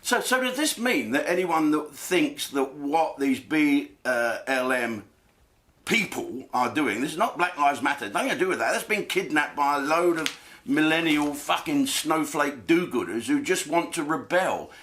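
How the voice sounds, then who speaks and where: A man's voice: on the high side, expressive, unhurried, a bit bright. A man, a comedian, delivering an angry monologue to camera full of swearing and rhetorical questions.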